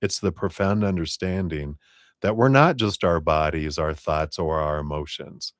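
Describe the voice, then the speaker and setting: A man with a low, deep voice reads tarot on a live stream, talking gently and taking his time over each card. His voice is close to the mic and sounds dry, with no room around it. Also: no echo. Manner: gentle, unhurried spiritual guidance. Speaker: tarot reader.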